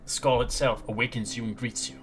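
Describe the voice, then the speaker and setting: A man narrating a tabletop game as game master in a halting, rambling way with restarts. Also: mid-range voice, fairly even intonation.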